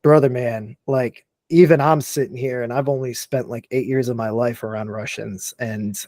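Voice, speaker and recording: Animated man in his forties. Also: mid-range voice, moderate pace, no echo, studio quality. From Texas and Tennessee, USA. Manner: animated, emphatic, fills speech with "like", swears freely. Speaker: podcast guest, military veteran. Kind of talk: casual chat.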